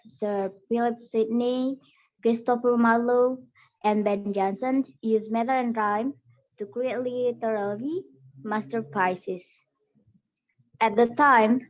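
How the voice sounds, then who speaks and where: A woman's voice: a little high, a little mellow. A young woman student whose first language is Indonesian, reading a class presentation steadily from notes. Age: young adult. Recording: dull lo-fi recording.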